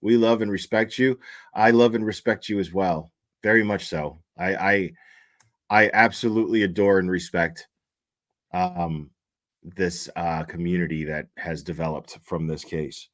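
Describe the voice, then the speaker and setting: A man's voice: sits low, fairly even intonation, unhurried, a bit bright. A man hosting a casual livestream, chatting, swearing freely and thanking viewers by name. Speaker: livestream host.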